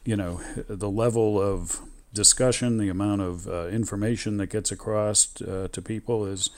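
Reflective man with a lowish voice. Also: fairly even intonation, darkish tone. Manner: measured and reflective, with many restarts. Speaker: former radio station manager, guest. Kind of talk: reminiscing radio interview.

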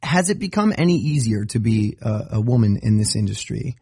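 A man hosting an interview, asking measured questions with some restarts. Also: on the low side, expressive, creaky, darkish tone, slightly rough, no room sound, studio quality. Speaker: radio host.

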